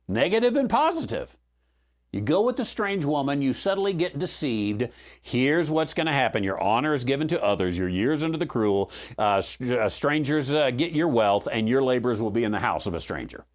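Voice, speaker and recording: A man teaching verse by verse through a Bible book in a conversational way, with frequent fillers and restarts and a dry sense of humor. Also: mid-range voice.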